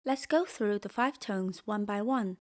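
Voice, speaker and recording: A woman teaching a pinyin lesson, speaking slowly and clearly and leading repeat-after-me drills. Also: medium pitch, darkish tone. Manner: slow, clear, drills repetition. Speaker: Mandarin teacher. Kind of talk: scripted language lesson.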